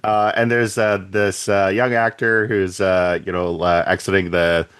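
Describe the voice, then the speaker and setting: A man's voice: sits low, level tone, a little slow, a bit bright, smooth, no room sound. A man co-hosting a podcast, recapping an episode in chatty, filler-heavy casual talk. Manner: chatty, filler-heavy, acts out quotes in silly voices. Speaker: podcast co-host.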